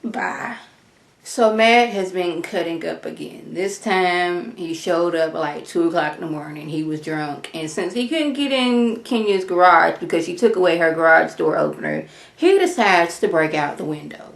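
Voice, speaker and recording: A woman's voice: fairly low pitch, lively intonation, normal speed, vocal fry. A woman, chatting casually as she recaps a reality show and acts out the cast's quotes in voices. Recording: echoey room.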